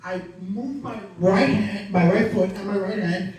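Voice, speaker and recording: A man's voice: high voice, measured pace, a little mellow. A man performing stand-up comedy, telling a self-mocking story and acting out the scenes. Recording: echoey room, distant mic.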